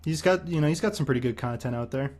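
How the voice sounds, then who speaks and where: A young man hosts a livestream and talks at a rapid clip. He teases his guest, firing off quick questions and slipping into playful mock lectures. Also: medium pitch, a little mellow. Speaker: streamer host. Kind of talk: casual stream chat.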